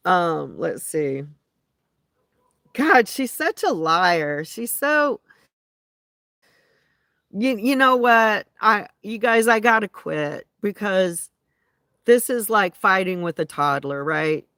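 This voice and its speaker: A woman's voice: medium pitch, animated, takes it slowly, long pauses, a bit bright, dry recording, studio quality. A woman ranting indignantly to her viewers in a rambling, casual way, often restarting her sentences. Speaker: vlogger. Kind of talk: casual venting rant to viewers.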